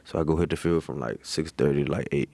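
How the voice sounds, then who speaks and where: A pro football player in his thirties chats as a guest, telling his story in laid-back slang with plenty of "you feel me" tags and animatedly acting out quoted voices. His voice is extremely low, dark and steady, he talks fast, and there's no echo.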